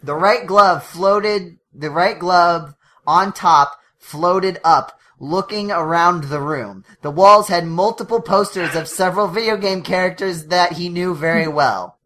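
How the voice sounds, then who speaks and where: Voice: mid-range voice, unhurried, sharp tone. A podcast co-host reading fanfiction aloud, breaking into laughs and correcting stumbles along the way. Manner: reads with frequent laughs and self-corrections.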